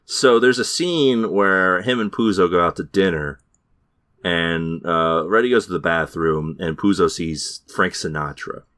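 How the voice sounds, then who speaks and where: A man's voice: low voice, measured pace, fairly bright tone, no room sound, studio quality. A man on a podcast, casually recapping a TV show and mimicking its characters as he goes. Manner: rambling recap, slips into mocking voices for characters. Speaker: podcast host.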